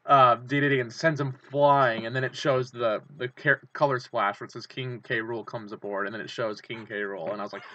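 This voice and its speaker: A man's voice: medium pitch, fairly even intonation, normal speed, hardly any pauses, bright, forceful tone, muffled recording. A man hosting his own channel, rambling with enthusiasm in fan commentary full of fillers and restarts. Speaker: channel host.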